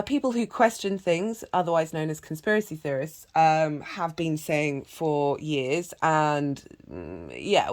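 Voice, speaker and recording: A woman reads tarot in a casual, wandering way. Her voice sits low, and she pauses and restarts often as she thinks. A faint hiss runs under the recording. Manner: rambling, reflective, many fillers. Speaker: tarot reader. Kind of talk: casual spoken reading.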